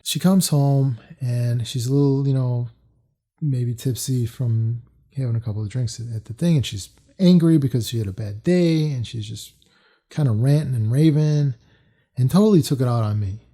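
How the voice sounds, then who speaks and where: A middle-aged man recounts a personal story in a loose, rambling way, leaning on fillers and restarts. His voice is mellow and dark, with a middling pitch.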